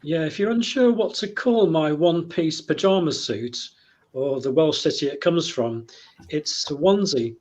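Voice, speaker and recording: A British man playing in an online pun contest, calling in on his phone and telling his puns with a quick laugh. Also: on the high side, a little mellow. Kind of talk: casual comedy chat.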